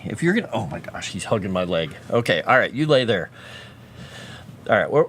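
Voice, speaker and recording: A man's voice: mid-range voice, big pitch swings, moderate pace, fairly bright tone, a little hiss or hum. A man casually chatting on a livestream while drawing a fantasy map, muttering to himself and cooing at his pet.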